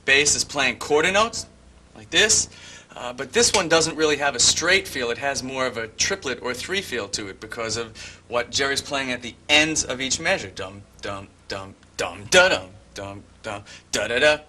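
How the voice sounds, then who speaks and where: Older man, drum lesson, bright voice, methodical explaining, faint room hiss. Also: expressive, moderate pace. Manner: methodical, hums bass lines as syllables. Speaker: drum instructor. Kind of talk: instructional explanation with count-ins.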